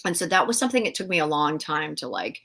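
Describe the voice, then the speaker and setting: A middle-aged woman, a guest in a casual interview, telling animated stories with frequent laughs and fillers. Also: low voice, fast talker, gravelly. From Canada. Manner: animated storyteller, laughs often, many fillers. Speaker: guest actress.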